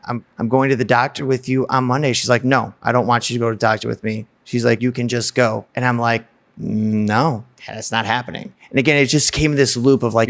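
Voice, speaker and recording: A man's voice: mid-range voice, a bit bright. A man candidly recounting a personal story in a blunt, emotional way, swearing freely. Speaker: guest telling a personal story.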